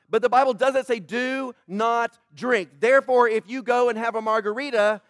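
A man pastor delivers a sermon in a high, bright voice, caught close and dry. He talks to the congregation casually, joking, then pushes hard with loud pleas before dropping to quiet emphasis. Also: no echo. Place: church.

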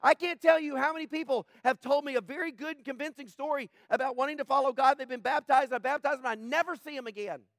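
Man, pastor, sermon, high voice, animated with quiet low stretches, stammered restarts, dry close sound. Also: fast, few pauses, no room sound.

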